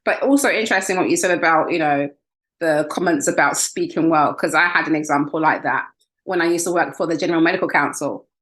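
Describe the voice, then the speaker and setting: A young British woman hosts a podcast interview in a relaxed, chatty way. Her voice sits slightly low, and she laughs easily. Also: fast. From United Kingdom. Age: young adult. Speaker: podcast host. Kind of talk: casual interview chat.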